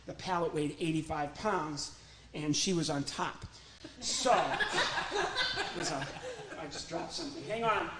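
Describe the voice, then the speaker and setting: A man's voice: fairly high pitch, big pitch swings, measured pace. Guy doing stand-up with a sock puppet, jokey and self-deprecating, faint hiss behind. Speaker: comedian and ventriloquist. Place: home, performing to a virtual audience.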